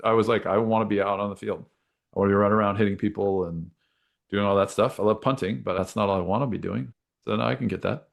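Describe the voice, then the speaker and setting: A man's voice: on the low side, steady tone, creaky. A man hosting a podcast who chats casually, agreeing and sharing his own experience as a former punter. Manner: quick, repeats phrases, relatable and agreeing. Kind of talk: casual conversation.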